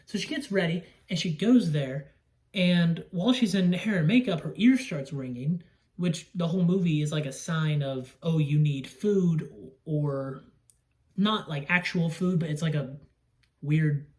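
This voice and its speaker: A young adult movie reviewer recaps a horror film in a loose, rambling way, cursing often and bursting out in disgust. The voice is mid-range, unhurried, and a little mellow.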